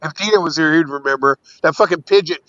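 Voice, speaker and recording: A man's voice: on the high side, quick pace, pushed and bright, dry recording, muffled recording. A man in casual, profane banter on a livestream call, rambling with stammering restarts.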